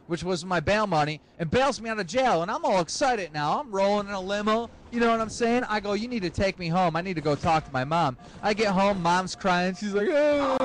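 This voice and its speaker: Young guy, high voice, profane comic storyteller doing bits of voices, faint hiss behind. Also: poor audio. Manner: profane, acts out characters in quick high voices. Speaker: comedic storyteller. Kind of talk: rambling comic story with crude jokes.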